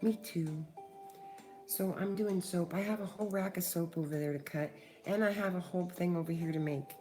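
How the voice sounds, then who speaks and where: Chatty woman streamer with low voice. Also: normal speed, mellow, soft background music. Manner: chatty, swears freely, talks to viewers in chat. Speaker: livestream host. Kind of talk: casual livestream chat.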